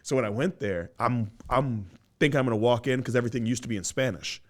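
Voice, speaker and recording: A male podcast host in casual chat, spinning a long story with swings between loud excitement and quiet mutters. His voice sits at an ordinary middle pitch. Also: fast.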